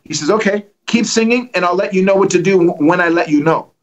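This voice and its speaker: A man telling lively stories as a guest evangelist on a livestream, acting out the quotes and joking. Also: high-pitched, fast talker, lo-fi sound. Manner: animated, acts out quotes, joking. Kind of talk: storytelling in a livestream conversation.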